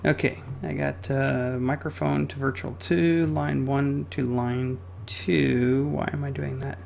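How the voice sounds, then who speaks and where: A man's voice: mid-range voice, flat delivery, takes it slowly, gravelly, a little mellow, a little hiss or hum. A man hosting a casual gaming podcast, chatty and loose, talking while he fiddles with his audio settings. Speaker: podcast host.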